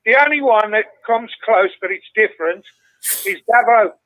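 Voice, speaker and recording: A man's voice: sits high, lively intonation, moderate pace, no room sound. A man calling in to a football phone-in, rambling, laughing easily and swearing constantly. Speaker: caller. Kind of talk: casual phone-in chat. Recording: tinny dry phone line.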